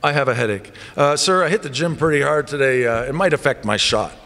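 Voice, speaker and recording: A man's voice: medium pitch, brisk, sharp tone, pitched below the performer's own voice. A man voicing a whiny teenage boy player who mumbles and sighs through a string of excuses. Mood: complaining. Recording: long church reverb, faint ambience.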